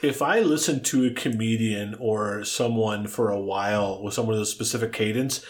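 A man's voice: lowish voice, moderate pace. A middle-aged man co-hosting a casual podcast with his daughter, trading dry, teasing banter. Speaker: podcast co-host. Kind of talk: casual chat.

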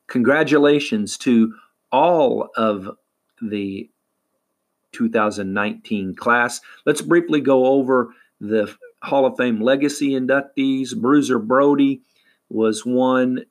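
Male recap host, casual and halting, unhurried delivery, plenty of filler words. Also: medium pitch. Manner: halting, many fillers and restarts. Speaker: wrestling podcast host.

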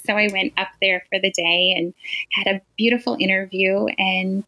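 A woman in her forties from Wisconsin, a teacher telling her story as a guest in a casual interview, earnest and quick to laugh. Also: mid-range voice, sharp tone, rough recording.

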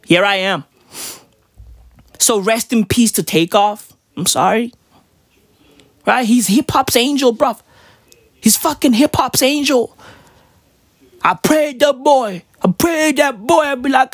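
A woman delivers a rambling, irreverent comic rant in a high voice that leaps all over the place. She keeps punching her lines with exclamations and "right?" The sound is close and dry. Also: animated, slow pace, pauses often, no echo. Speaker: comedian.

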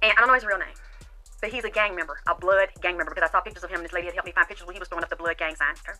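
A woman's voice: on the low side, racing, sharp tone, faint music behind, poor audio. A woman hosting a podcast, telling a personal story in a blunt, profane, emphatic way. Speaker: podcast host. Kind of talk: storytelling commentary.

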